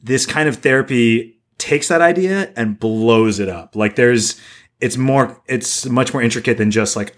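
This podcast co-host has a mid-range voice and keeps a moderate pace. His casual talk drifts and rambles, heavily sprinkled with the filler "like."

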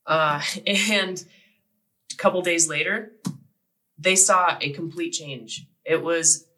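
A man telling a story as part of a sermon, talking haltingly with many pauses and restarts. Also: a little high, sharp tone, slight background noise, poor audio.

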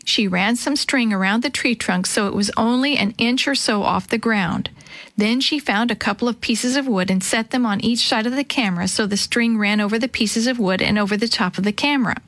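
A woman reading a children's chapter book aloud, telling the story gently and lightly voicing the characters. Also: on the high side, no room sound. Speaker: storybook reader.

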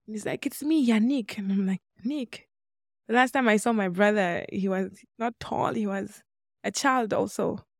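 Guest: woman in her 20s from Congo, gravelly earnest storyteller, dry close sound. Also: medium pitch, moderate pace, no room sound. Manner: earnest, acts out remembered dialogue. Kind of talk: personal storytelling in a podcast interview.

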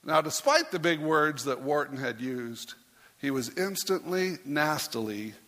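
Pastor telling a rhyming story in a hall. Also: male voice, mid-range voice, a little slow, fairly bright tone. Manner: playful storyteller who puts on voices for the characters. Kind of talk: sermon reading a rhyming story.

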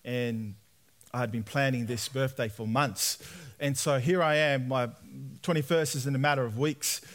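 A young Australian man preaches a sermon testimony, telling his own story as an animated storyteller and acting out the voices in it. His voice is mid-range at a normal speed.

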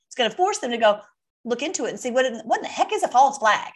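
A woman hosting her own online video, talking casually to viewers in a rambling, excitable way and laughing often. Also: fairly high pitch, quick pace. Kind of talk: casual monologue to camera.

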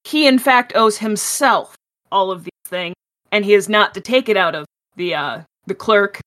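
A woman's voice: mid-range voice, moderate pace, fairly bright tone. A woman playing a tabletop game who briefly narrates her character's actions. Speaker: player. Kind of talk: tabletop role-play narration.

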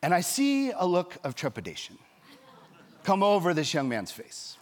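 A man pastor preaching a sermon, telling a story in a lively way and acting out the people in it. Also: high voice, moderate pace. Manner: storytelling, animated, acts out quoted voices.

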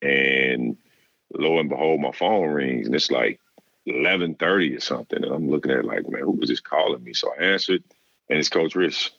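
Brief: middle-aged male guest, extremely deep gravelly voice, dry dull lo-fi sound. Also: moderate pace, dry recording. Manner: relaxed storyteller, acts out quoted dialogue. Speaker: former player, guest. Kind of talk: casual interview storytelling.

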